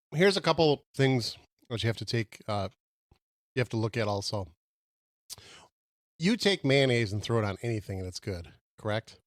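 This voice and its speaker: A man in casual podcast chat, reviewing a burger and pressing his argument with lively, argumentative delivery. His voice sits in a middle range. It is recorded close and dry, with no room sound. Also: medium pitch, no room sound. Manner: animated, argumentative, talks with mouth full. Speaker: podcast co-host.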